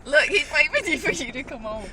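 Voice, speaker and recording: A woman's voice: high voice, very animated, moderate pace, pushed and bright, slight background noise. A woman riding as a passenger in a car, making giggly, teasing remarks. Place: inside a car.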